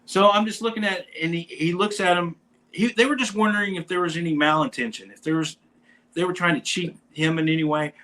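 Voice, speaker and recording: A man with a voice a touch higher than most, telling a long story as a guest on a talk show. He keeps it casual and animated and slips into the voices of the people in it. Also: fairly quick. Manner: animated storyteller who acts out quoted lines.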